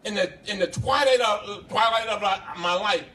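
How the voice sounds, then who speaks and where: A man's voice: sits high, moderate pace, bright, forceful tone, voice pushed up. A man voicing his aging father, earnest and pleading with a repetitive cadence, recorded from a distance with background noise. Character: aging father, emotional, plain-spoken.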